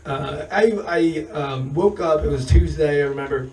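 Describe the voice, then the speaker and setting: Hoarse man, stand-up comedy, profane rambling story, chuckles, set back from the mic. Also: fairly high pitch, normal speed, darkish tone, recorded from a distance, poor audio. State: hoarse, losing his voice. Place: comedy show stage.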